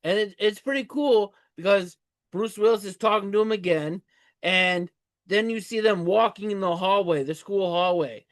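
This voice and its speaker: A man co-hosting a podcast, retelling film scenes in a casual, halting way. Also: sits high, fairly bright tone. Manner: halting storytelling with fillers and restarts. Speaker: podcast co-host. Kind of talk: casual movie recap chat.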